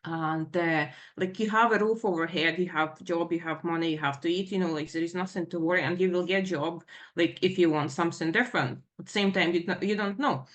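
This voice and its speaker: A middle-aged woman giving a personal account in a Q&A session, talking in a halting, rambling way full of fillers and nervous emotion. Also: fairly low pitch. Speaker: participant in a Q&A session.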